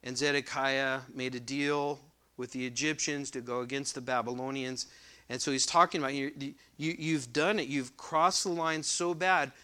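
A man preaching a sermon as pastor. He reads scripture loudly and slowly, then explains it in quick, conversational asides and asks the congregation questions. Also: mid-range voice, fairly even intonation, clear, resonant tone. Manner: addresses the congregation directly with questions. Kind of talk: expository sermon.

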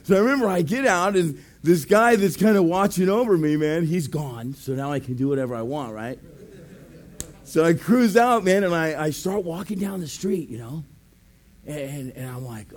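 Male pastor, high voice, animated testimony storyteller who bursts into shouts. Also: moderate pace. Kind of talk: testimony sermon.

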